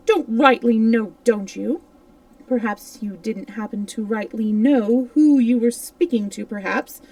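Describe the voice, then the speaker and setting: A woman's voice: on the high side, unhurried, no room sound, far from the mic. Long John Silver, as a woman reader puts him on, blustering. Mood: badgering. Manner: loud, excitable bursts. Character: gruff one-legged male pirate cook, blustering.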